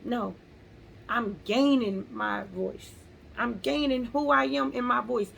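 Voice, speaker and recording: A woman's voice: fairly high pitch, takes it slowly, vocal fry, fairly bright tone, a little hiss or hum, poor audio. A woman vlogger speaking earnestly about faith and pressing on, repeating key phrases for emphasis. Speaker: motivational vlogger. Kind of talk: casual faith-based encouragement.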